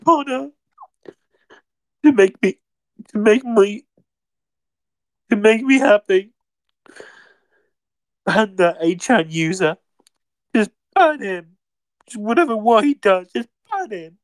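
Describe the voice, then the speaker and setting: A woman's voice: mid-range voice, expressive, slow pace, pauses often, dry recording. A young woman in a casual recorded reaction, pleading and swearing while breaking into laughter and near-tears, talking close to her own mic.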